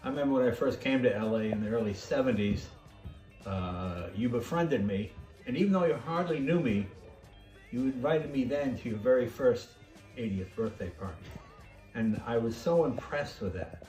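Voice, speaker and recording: A man's voice: medium pitch, expressive, normal speed, darkish tone, soft background music. Roomy, distant man telling dry jokes. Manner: dry joking, mock-serious tall tales. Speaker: celebrity sending a video greeting. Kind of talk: comic birthday tribute.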